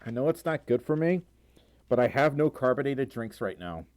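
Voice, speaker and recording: A man's voice: medium pitch, expressive, normal speed, a little mellow, dry recording. Tired, rambling young man on a dry mic. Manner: rambling, many fillers, stumbles over reading. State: tired with a sore throat and cough. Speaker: livestreamer reading donations and chat. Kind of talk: casual livestream chat.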